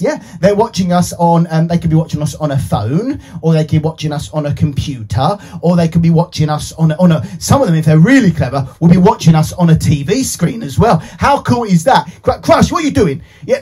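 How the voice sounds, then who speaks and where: A man entertains at a live children's show, energetic and cheering with sing-song shouts while bantering playfully with a puppet. His voice sits high and has a breathy edge.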